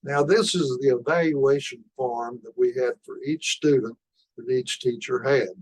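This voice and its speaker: An older man giving a conference lecture, talking slowly and deliberately through study results, with frequent pauses on "uh". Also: mid-range voice, steady tone, slightly rough, rough recording. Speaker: conference speaker.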